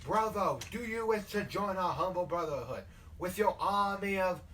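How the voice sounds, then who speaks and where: A man's voice: high voice, animated, normal speed, fairly bright tone. A man voicing a zealous male vampire preacher with a Southern accent, preaching hellfire and brimstone, recorded from a distant mic. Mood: commanding. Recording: distant mic, faint noise.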